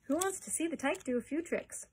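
A woman's voice: high-pitched, expressive, a little fast, darkish tone, slight background noise, pitched above the performer's own voice. A woman reading aloud, voicing a jolly male traveling peddler with a sing-song, folksy patter.

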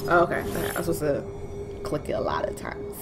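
A woman commentating a video game playthrough in a casual, excitable, self-deprecating way, swearing often. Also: deep voice, quick pace, creaky, over loud music. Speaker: gamer streamer. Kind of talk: casual let's play commentary.

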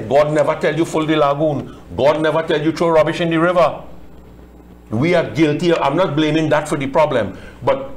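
A man with a voice on the high side, a Hindu pandit, explains scripture in a religious discussion. He chants Sanskrit verses and translates them line by line.

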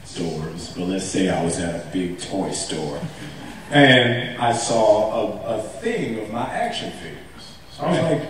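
A man on a convention stage telling funny stories in a casual, animated way, laughing and acting out what people said. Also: mid-range voice, takes it slowly, slight background noise. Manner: animated, laughing, acts out quotes with a raised voice. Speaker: actor on a convention stage panel. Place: large convention hall. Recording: echoey hall, mic heard from a distance.

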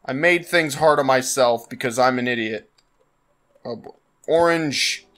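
A man's voice: medium pitch, a little slow, fairly bright tone. A man giving let's-play commentary, exasperated and exclaiming as he struggles, breaking into laughs and sighs. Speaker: gaming channel host.

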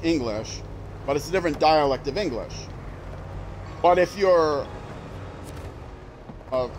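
A man's voice: a little high, slight background noise, poor audio. A man streaming a game, chatting casually as he plays, musing aloud and restarting his sentences. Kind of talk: casual gameplay commentary.

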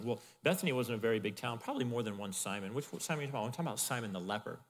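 A man preaching a sermon at mid pitch, talking to the congregation in a lively, conversational way. His voice trails into a long church reverb. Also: rapid-fire, few pauses. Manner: conversational, animated preaching with asides. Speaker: pastor. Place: church in Arizona.

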